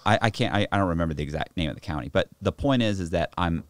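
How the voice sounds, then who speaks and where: A man telling a story to a podcast host, animated and full of slang and restarts, in a studio. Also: low voice, very fast, no echo. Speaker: podcast guest. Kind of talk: casual storytelling.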